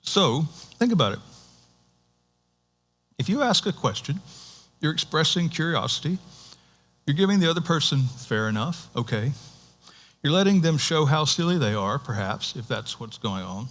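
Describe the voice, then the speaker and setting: A male pastor giving a sermon in a conversational, animated way, with restarts and rhetorical questions to the congregation. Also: a little high, moderate pace, pauses often. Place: church.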